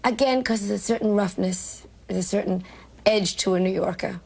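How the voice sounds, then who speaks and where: A woman's voice: mid-range voice, moderate pace, creaky, darkish tone, husky. An older woman from New York, a comedian telling brash, self-mocking stories in an interview, emotional and laughing often. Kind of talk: candid interview storytelling.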